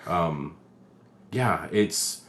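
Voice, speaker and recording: Low-voiced man in casual movie chat. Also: expressive, extremely slow, a bit bright. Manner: profane, rambling, acts out movie scenes. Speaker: podcast co-host.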